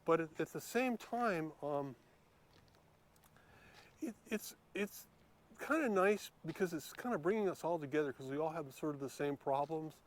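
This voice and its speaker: A man with a slightly raised pitch talks casually to his camera as he walks outdoors by a lake. He rambles, restarts often and fills pauses with ums and uhs. It sounds like an unscripted handheld vlog. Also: lively intonation. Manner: rambling, hesitant, many fillers and restarts. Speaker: YouTube vlogger. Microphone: handheld camera while filming.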